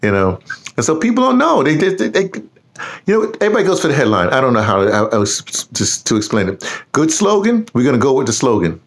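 An American man, hosting a casual conversation, animated and laughing often as he mimics voices. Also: medium pitch, fast talker. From United States. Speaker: host.

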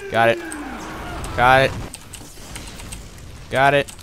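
A man commenting on his gameplay in a casual, excitable way, swearing often. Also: medium pitch, drawn-out words, noisy background. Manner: excitable, swearing, bursts into yelps and laughs. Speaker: gaming video maker.

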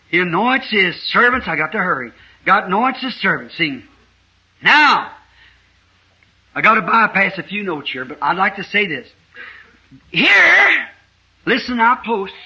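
A man preaching a revival sermon with a southern Indiana accent, telling a folksy story and rising to fervent shouts, on a lo-fi 1960s church tape. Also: high-pitched, sing-song, normal speed.

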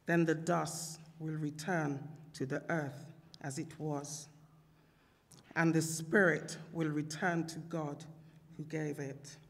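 Man, minister, gravelly voice, flat steady delivery, long church reverb. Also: a little high. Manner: solemn, measured reading. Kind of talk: scripture reading at a funeral.

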